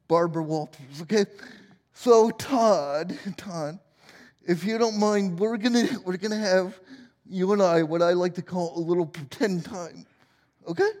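A man's voice: sits high, a little slow, a little mellow, long reverb tail. A man in his forties preaching a sermon as pastor, playful and joking at his own expense. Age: 40s. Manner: playful, self-deprecating humor.

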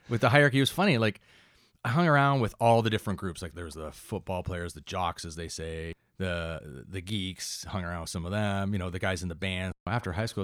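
A man in his thirties from Canada, a firefighter telling relaxed, rambling stories in a casual interview. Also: low-pitched, no echo, studio quality. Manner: relaxed, rambling anecdotes with many asides. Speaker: firefighter and instructor, guest.

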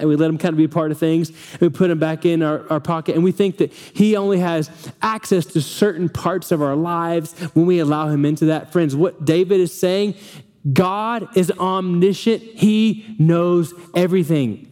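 Young male pastor, earnest sermon voice, somewhat high, mellow. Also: fairly even intonation, moderate pace. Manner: earnest preaching with reading aloud and restarts.

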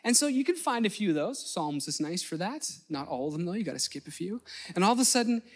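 A man's voice: high voice, sing-song, quick pace. A man preaching a sermon in a conversational way, acting out the voices of the people he quotes. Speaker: pastor.

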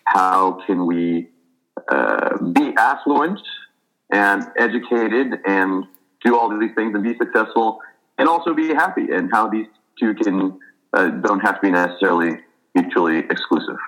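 A man, an author trained as a physician, talking thoughtfully in an interview and telling a story in a measured way. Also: lowish voice, fairly bright tone, low-quality recording. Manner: thoughtful, measured, with fillers and restarts.

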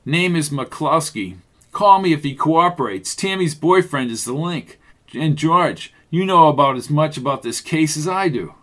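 A man narrating a mystery radio drama in a steady storytelling manner and voicing the detective. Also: fairly high pitch, unhurried.

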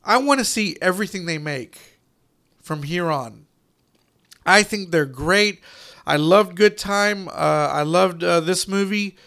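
A man's voice: high voice, slow pace, gravelly, a bit bright. A man chatting casually about movies, loose and profane, rambling with restarts. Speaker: podcast co-host, parent.

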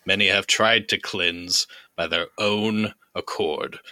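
Man doing a grave deep-voiced mystic. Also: fairly even intonation, slow pace, pushed and bright, no room sound, heavily acted. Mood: solemn. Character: stern mystic man refusing a pact.

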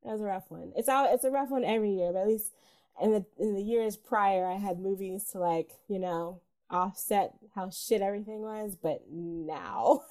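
A woman's voice: medium pitch, normal speed, darkish tone. A woman co-hosting a film podcast in casual chat, candid and worn out, swearing casually and laughing often. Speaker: podcast co-host.

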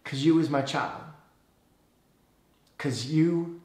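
A man voicing a gentle, fatherly God with a Cajun accent, speaking low and soft. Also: slow pace, roomy sound. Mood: tender.

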